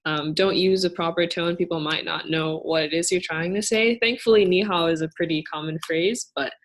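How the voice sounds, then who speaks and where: A young woman answering questions in a casual Q&A, explaining patiently and thoughtfully, often pausing with fillers. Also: on the low side, slight background noise. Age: young adult. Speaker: student cultural navigator.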